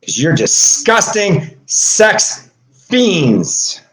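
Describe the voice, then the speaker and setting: A man delivering an emotional monologue, agitated and swearing, swinging from low mutters to shouting. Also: sing-song, very slow. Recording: echoey room.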